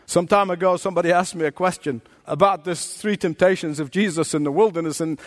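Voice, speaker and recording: A pastor delivering an impassioned sermon in a high-pitched male voice. He presses the congregation with rhetorical questions. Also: a little fast, long reverb tail.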